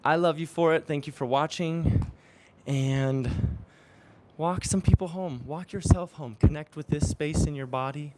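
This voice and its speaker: A man's voice: a little high, unhurried, very noisy. A man exercising during a live-streamed motivational talk, earnest and affirming, often chuckling. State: exercising while talking. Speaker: spiritual coach.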